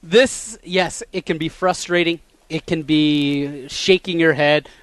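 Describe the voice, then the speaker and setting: A man co-hosting a sports radio show, laying out background facts in a measured way and getting lively when he jokes. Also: on the high side, no room sound. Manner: measured, recalls facts in detail, gets animated when joking. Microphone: studio mic.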